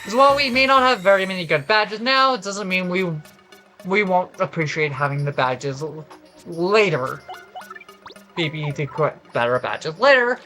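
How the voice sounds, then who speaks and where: A man's voice: high voice, expressive, moderate pace, pushed and bright. Man, exhausted, worn voice, casual gameplay commentary, rambling, swears, faint game music. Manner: rambling, swears, self-correcting. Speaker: let's play commentator.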